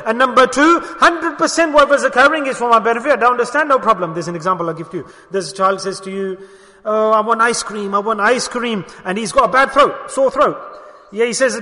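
A man with a very high, bright voice preaches a sermon. He presses his points with emphatic rhetorical questions and often drops to soft, low murmurs. His voice rings with the long reverb of a large hall.

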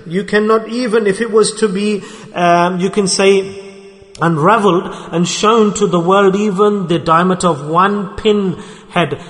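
Male preacher, high voice, impassioned and repetitive, soft to loud swings. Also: steady tone, unhurried. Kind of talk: sermon. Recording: long reverb of a hall.

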